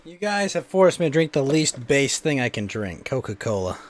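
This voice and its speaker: A man's voice: mid-range voice, very animated, moderate pace, noisy background. A man hosting a streamed podcast, joking around and answering his chat. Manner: playful, reads and answers chat.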